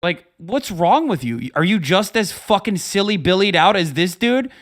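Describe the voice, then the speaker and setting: Profane exasperated streamer, higher pitch. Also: male voice, sing-song, moderate pace, fairly bright tone. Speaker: livestream host. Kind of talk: reaction commentary.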